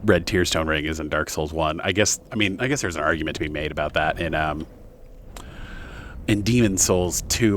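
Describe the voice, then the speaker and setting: A young man streams a video game, his low-pitched, slightly bright voice picked up with a bit of background noise. He rambles casually through the gameplay commentary, full of fillers and self-corrections.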